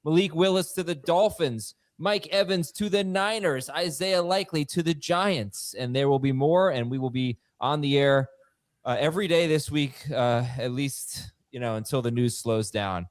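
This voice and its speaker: An energetic man hosts a sports talk show and rattles quickly through the headlines. His voice sits a bit high for a man. He sounds excitable and eager. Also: no room sound, studio quality. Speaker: host.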